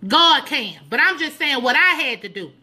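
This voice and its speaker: A middle-aged woman giving sassy, teasing comedic church advice to her viewers, animated and preachy with loud whoops. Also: sits high, moderate pace. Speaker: comedic commentator addressing live viewers.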